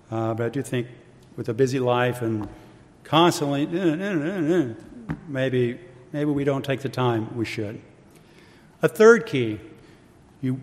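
A man delivering a sermon at a middle pitch, measured and reflective, turning now and then to casual asides. His voice carries a long reverb, as if heard in a church hall. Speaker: preacher.

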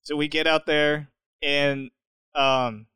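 A man's voice: a little high, slow, clean tone, no echo. A young man telling a story in casual chat, laughing often and acting out what people said. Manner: animated, laughing often, acts out quotes.

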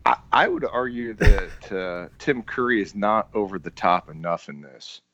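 A man's voice: lowish voice, moderate pace, fairly bright tone, no room sound. Sarcastic contrarian man, dry lo-fi mic. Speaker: podcast co-host. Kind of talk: casual movie-review chat.

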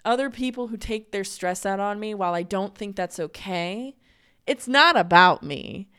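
Young female host, casual candid chat, smooth clear tone, mid pitch. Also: moderate pace, a bit bright. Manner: chatty and candid, many "like" fillers. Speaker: podcast host. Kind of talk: casual monologue.

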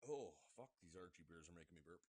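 A man's voice: sits low, animated, fast, mellow, slightly rough, dry recording. Foul-mouthed laughing man, dry close mic. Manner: profane, laughing anecdotes. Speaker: podcast guest. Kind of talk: casual storytelling chat.

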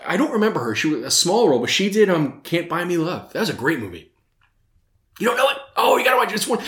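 A man rattles along at a quick clip as a podcast host, rambling from one tangent to the next with jokes and swearing. He laughs often. The recording carries a roomy echo. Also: on the high side, a bit bright. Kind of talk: casual chat.

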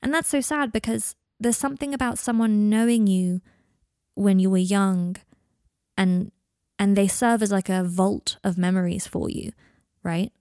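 A woman's voice: medium pitch, unhurried, dark tone, no echo, clean studio sound. A woman hosting a podcast, talking casually and reflectively about her writing with lots of fillers and self-deprecating asides. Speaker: podcast host and fan fiction writer.

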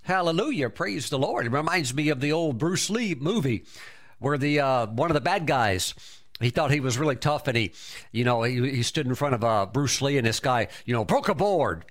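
A man's voice: medium pitch, lively intonation, normal speed. A man preaching a sermon, emphatic, breaking into exclamations of praise and often repeating and restarting his words.

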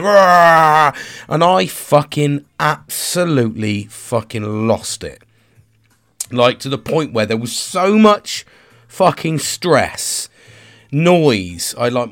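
A man, stressed and tired, talking frankly to the camera in a rambling, sweary confessional monologue. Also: medium pitch. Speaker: vlogger and father.

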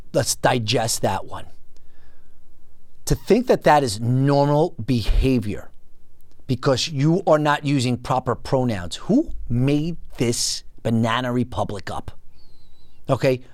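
A man's voice: medium pitch, no room sound, clean studio sound. A man hosting a podcast, ranting in an indignant, incredulous and mocking way. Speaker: podcast host. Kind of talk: ranting commentary.

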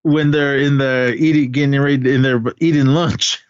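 A man's voice: mid-range voice, normal speed, clear, resonant tone, no room sound. Man recapping a movie with quoted voices. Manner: retells scenes, slipping into animated character quotes. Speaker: podcast co-host. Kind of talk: casual movie-recap chat. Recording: dry, slightly muffled podcast audio.

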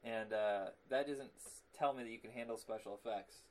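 Chatty man, animated podcast co-host. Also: on the low side, normal speed, slight background noise, low-quality recording. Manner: animated, laughs easily, breaks into silly impressions. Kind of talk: casual chat.

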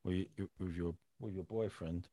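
Young English man, podcast co-host, loose rambling storyteller, lowish voice. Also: steady tone, normal speed, a crowd in the background. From England. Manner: rambling, repeats words, laughs at his own stories. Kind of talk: casual chat.

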